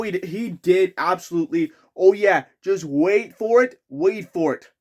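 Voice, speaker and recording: Higher-voiced guy, fan vlogger, exasperated sarcastic rant, rambling restarts. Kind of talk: ranting fan commentary.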